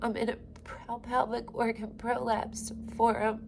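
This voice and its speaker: A woman's voice: on the high side, level tone, vocal fry, noisy background. A woman in her forties venting in a personal video diary, raw and emotional, swearing often and breaking off mid-sentence. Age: 40s. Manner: halting, restarts and trailing phrases. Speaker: vlogger.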